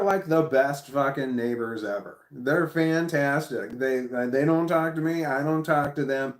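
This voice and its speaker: Rambling man in an echoey room. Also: medium pitch. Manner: rambling, repeats himself, swears often. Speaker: vlogger. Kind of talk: casual storytelling to camera.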